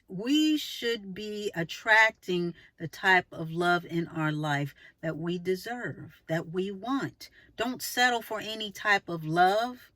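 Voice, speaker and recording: A woman's voice: bright, forceful tone, no echo. A woman giving relationship advice in a casual monologue to camera, emphatic and preachy, full of rhetorical questions. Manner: acts out short quoted lines with exaggerated pitch jumps.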